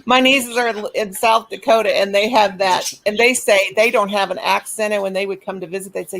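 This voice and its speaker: A woman chatting on a video call in an animated way, with frequent exclamations and laughter. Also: medium pitch, brisk, vocal fry, hardly any pauses, low-quality recording. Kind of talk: casual video call chat.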